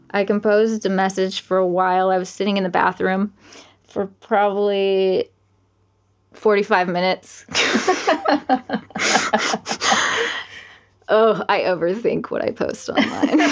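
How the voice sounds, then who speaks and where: A woman's voice: mid-range voice, vocal fry. A woman singer-songwriter telling a personal story in an interview, candid and laughing at herself.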